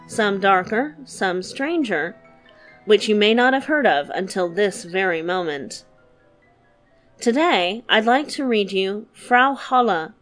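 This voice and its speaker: A woman hosting and reading a fairy tale aloud, with measured, expressive storytelling. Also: medium pitch. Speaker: reader and host. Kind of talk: storybook narration.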